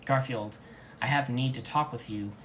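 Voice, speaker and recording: A man voicing a flirtatious female ship computer with a flat, lightly sultry reading. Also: mid-range voice, normal speed, slight background noise, lightly acted. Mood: longing.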